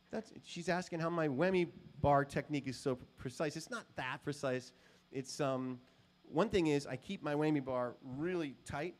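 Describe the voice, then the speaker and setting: A man's voice: mid-range voice, darkish tone. Male guitarist at a store clinic: casual storyteller, full of "um" and "you know.". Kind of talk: storytelling talk to a live audience.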